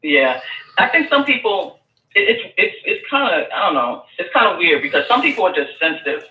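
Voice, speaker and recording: A man's voice: high voice, sing-song, brisk, bright, forceful tone. A man calling in to a talk show, stating firm opinions while stumbling over restarts and fillers. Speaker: caller. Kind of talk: phone-in conversation. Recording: echoey distant phone-in line.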